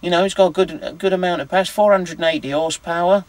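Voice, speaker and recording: A man's voice: high voice, steady tone, quick pace, no echo. A man from England in his twenties, a truck driver telling stories in a casual interview, full of "you know" fillers. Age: 20s. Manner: chatty, anecdotal, many "you know" fillers. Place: outdoors at a harbour.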